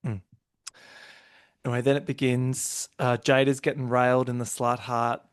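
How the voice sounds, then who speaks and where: A man hosting a casual podcast chat, animated and laughing often as he acts out quotes in exaggerated voices. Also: medium pitch, normal speed, clean tone, no room sound, studio quality. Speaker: podcast host.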